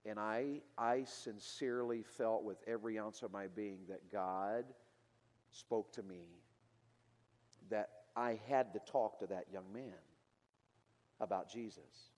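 A man preaching a sermon, telling a story earnestly, rising to loud emotional peaks and then dropping quiet. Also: fairly low pitch, slow, in a large hall.

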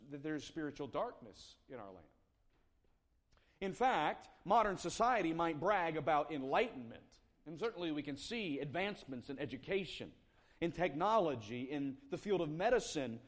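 High-voiced man preaching a sermon. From South Carolina. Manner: earnest preaching, slowing down on scripture quotes. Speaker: pastor.

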